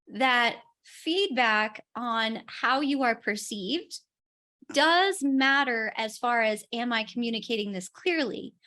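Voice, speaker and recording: Female branding coach, higher voice, earnest and emphatic. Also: pushed and bright. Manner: earnest, emphatic, repeats key points. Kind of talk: coaching in conversation.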